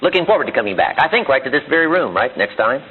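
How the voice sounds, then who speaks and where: A man's voice: medium pitch, very animated, fast, phone-quality sound, a little hiss or hum. A man giving a live motivational seminar speech in a room, driving his points home with emphatic rhetorical questions and repetition, heard on an old archival recording. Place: seminar room before an audience.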